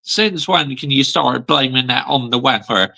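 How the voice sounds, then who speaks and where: Gravelly man ranting about football. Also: medium pitch, moderate pace, pushed and bright, rough recording. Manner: blunt, emphatic, repeats "yeah?" and "mate". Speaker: football channel host. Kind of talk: ranting fan vlog.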